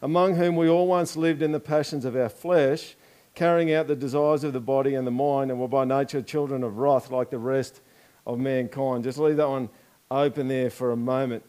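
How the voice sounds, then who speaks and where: A man's voice: medium pitch, steady tone, moderate pace, darkish tone, clean tone. A man with an Australian accent preaching a conversational sermon, joking and throwing rhetorical questions at the congregation during an object lesson. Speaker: pastor.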